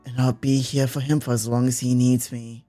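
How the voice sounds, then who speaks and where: A man reading the lines of a gentle, devoted young woman who works as a maid in a mystery game, polite and soft-spoken. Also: medium pitch, level tone, moderate pace, faint music behind, close to an everyday voice. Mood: earnest.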